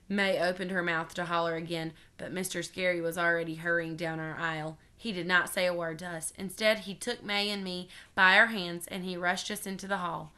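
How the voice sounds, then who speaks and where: A woman reading a children's chapter book aloud in an expressive, animated way. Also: on the low side, fairly quick, few pauses. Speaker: storybook reader.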